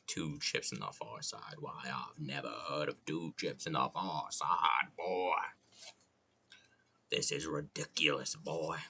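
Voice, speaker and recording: A man's voice: a bass voice, takes it slowly, vocal fry, bright, forceful tone, a little hiss or hum, voice pushed down, heavily acted. A man putting on a put-on Southern US accent to voice a boastful cartoon rooster, drawling mocking insults. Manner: drawling insults ending in "boy".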